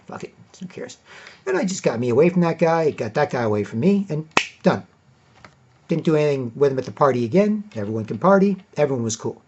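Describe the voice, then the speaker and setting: A man's voice: fairly high pitch, sing-song, fast, noisy background. A man delivering a rambling, profane monologue, acting out the exchanges he quotes. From Canada. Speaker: commentator. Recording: dull lo-fi recording.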